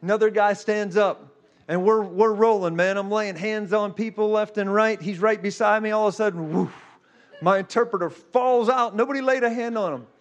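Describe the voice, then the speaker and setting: Male preacher with a high voice, animated and fast in the story parts of a sermon. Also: muffled recording. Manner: animated, fast storytelling with repeated "okay?" and "guess what".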